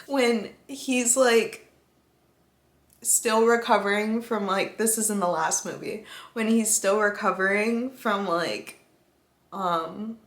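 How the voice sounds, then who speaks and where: Young female vlogger, unhurried, giggles, swears offhand, gushes; echoey room sound. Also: mid-range voice. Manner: giggly, casual swearing, gushing. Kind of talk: casual vlog chat.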